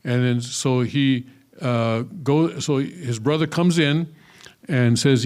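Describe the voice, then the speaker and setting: A man's voice: medium pitch, takes it slowly, a little mellow. A man teaching a scripture lesson, reading aloud and breaking off into casual asides with many fillers and restarts. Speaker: religious teacher.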